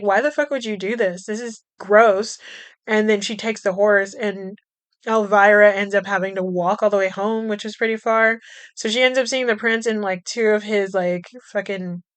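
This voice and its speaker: Young woman podcaster rambling through a movie plot, laughs a lot, cusses, crisp clear voice. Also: mid-range voice, a bit bright, dry recording. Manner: chatty, laughs often, swears, quick asides. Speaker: podcast host. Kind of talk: casual movie recap.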